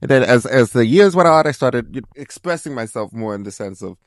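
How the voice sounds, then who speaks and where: A young American man vlogging his life story, expressive and dramatic, jumping into high voices. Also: a little fast. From United States. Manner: animated, dramatic, leaps into high voices for quotes. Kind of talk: personal storytelling monologue.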